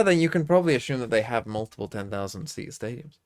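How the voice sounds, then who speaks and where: A man's voice: medium pitch, animated, fast talker. A young man streaming live, muttering and swearing his way through geography quiz guesses. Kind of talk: casual live-stream commentary while playing quiz games.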